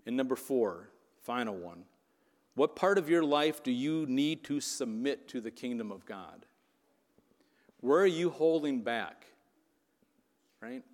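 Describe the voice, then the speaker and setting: A man's voice: mid-range voice, a little mellow, in a large hall. A man preaching a sermon as pastor, in a conversational way that keeps checking in with the congregation. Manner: conversational, keeps asking "right?".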